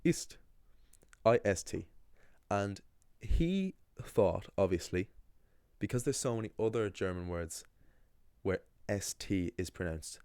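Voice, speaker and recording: Young man, low register, loose conversational to-camera delivery full of ums, dry recording. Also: lively intonation, unhurried, a little mellow, clean tone, no echo. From Ireland. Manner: rambling, conversational, many fillers and restarts. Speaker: language channel host. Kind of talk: casual talking-head monologue.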